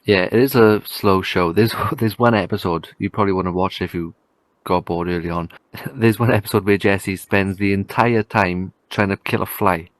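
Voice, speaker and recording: A man's voice: sits low, fairly even intonation, moderate pace, no echo. A man with a Welsh accent, co-hosting a casual podcast chat with blunt, sweary banter. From Wales. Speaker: podcast co-host.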